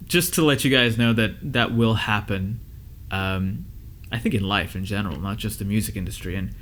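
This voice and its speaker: A young adult man, an audio engineer, talking candidly to camera, giving advice and telling a rough story with lots of fillers and restarts. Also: on the low side. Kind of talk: casual advice talk to camera.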